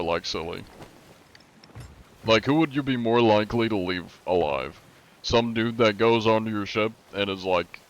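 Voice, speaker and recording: Laid-back American man chatting with viewers. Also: fairly low pitch. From USA. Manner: laid-back, rambling, many fillers like "like". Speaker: streamer. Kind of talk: casual chat with viewers while gaming.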